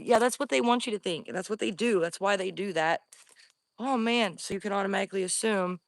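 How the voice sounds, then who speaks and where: A frightened woman films on her phone out in the woods, her voice jittery and breathy as she slips between low talk and hushed whispers. The sound is close and dry, with no room around it. Her pitch stays in an ordinary middle range. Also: fast, dry recording. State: breathing heavily from fear. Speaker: paranormal vlogger. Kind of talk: live outdoor investigation vlog. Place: woods outdoors.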